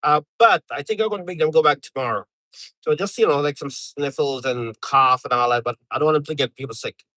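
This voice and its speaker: A middle-aged man from Canada rambles through a casual live stream chat, full of fillers and restarts. His voice sits a bit high for a man. The sound is dry and close. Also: brisk, bright, forceful tone, no room sound, poor audio.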